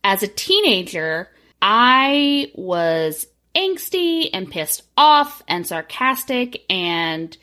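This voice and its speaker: A woman's voice: mid-range voice, sing-song, extremely slow, pushed and bright. A woman in her thirties co-hosting a podcast, chatting casually with lots of swearing, fillers and laughs. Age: 30s. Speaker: podcast co-host.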